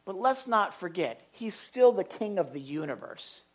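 A man, a pastor, giving a conversational sermon to a live congregation in an animated way, with big jumps in pitch and loudness. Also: moderate pace. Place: church service before a live congregation.

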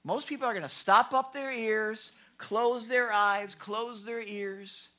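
Male pastor, high bright voice, emphatic sermon, shifts from loud to hushed. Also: fairly even intonation, slow pace.

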